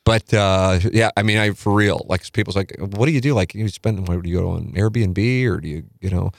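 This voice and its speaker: A weary middle-aged man talks through a podcast in a low voice, swearing and trailing off as he rambles. The recording is close and dry, with no room sound. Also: steady tone, brisk, vocal fry, dry recording. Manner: profane, rambling, tired and yawning. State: tired. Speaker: podcast host. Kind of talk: casual chat.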